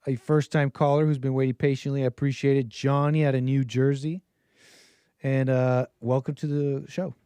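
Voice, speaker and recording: A man's voice: mid-range voice, level tone, normal speed, warm tone, clean tone, no room sound. Sarcastic American man hosting a call-in stream. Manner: sarcastic, mocking quoted voices. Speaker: call-in show host. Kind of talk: livestream commentary and call-in.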